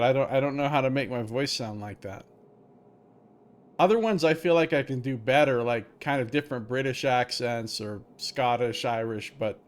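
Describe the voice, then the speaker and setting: A young man casually commentating a live-streamed game and chatting with viewers, relaxed and rambling. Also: mid-range voice.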